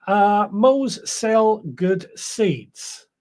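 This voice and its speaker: Speaking very slowly in a high-sitting, darkish voice, a man hosts a podcast live stream and reads out viewer comments. He's a little tired, rambling and chatty, and keeps correcting himself.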